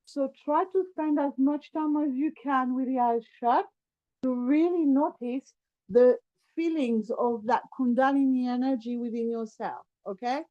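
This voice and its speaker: A woman teaching a yoga class, calmly talking students through breathing and movements as she demonstrates. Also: high-pitched, measured pace, highs cut off. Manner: calm, step-by-step guiding, demonstrating while talking. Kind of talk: guided yoga class instruction.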